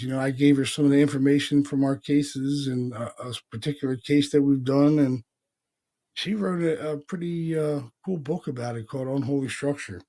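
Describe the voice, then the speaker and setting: A man from Pennsylvania hosting a podcast, telling stories in a casual, animated way, acting out quotes and swearing freely. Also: on the high side. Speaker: paranormal podcast host. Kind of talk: casual storytelling chat.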